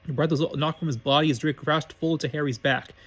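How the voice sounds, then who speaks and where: A man reads a story aloud at a brisk clip, now and then stumbling and restarting a phrase. His voice sits somewhat high and moves quickly. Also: fairly even intonation, fairly bright tone. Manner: brisk reading with slips and restarts. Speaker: reader of fan fiction.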